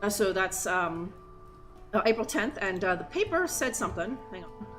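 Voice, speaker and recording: A woman's voice: medium pitch, big pitch swings, normal speed, fairly bright tone. A young woman streaming a game live, rambling, swearing and interrupting herself as she plays. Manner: rambling, profane, self-interrupting. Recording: music playing behind voice.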